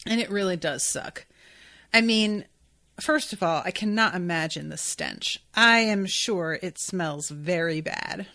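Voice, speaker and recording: A woman's voice: mid-range voice, lively intonation, unhurried, a bit bright. A woman hosting a podcast, casually recapping an anime episode in a chatty, profane way. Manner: chatty and profane, with laughs and asides. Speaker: podcast host.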